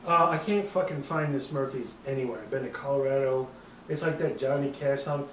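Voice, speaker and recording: A man's voice: mid-range voice, brisk. Casual host, man, profane rambling storyteller; roomy distant sound with faint background hum. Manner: rambling, profane, laughing at his own story. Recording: roomy, off-mic with faint ambience.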